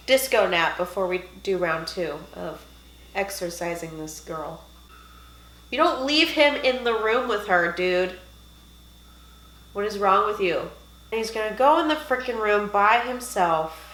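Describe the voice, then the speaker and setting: A woman's voice: mid-range voice, measured pace. Chatty woman reacting to a movie, roomy. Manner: animated, jokey, squeamish asides. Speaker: movie reviewer. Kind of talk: casual reaction commentary.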